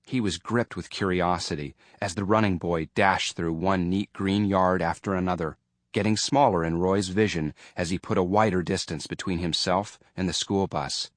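A man narrating an audiobook in a measured storytelling manner. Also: sits low, steady tone, no room sound, clean studio sound. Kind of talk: scripted narration.

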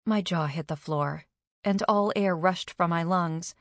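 A woman reading a first-person audiobook in a measured, even way. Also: lowish voice, dry recording, clean studio sound.

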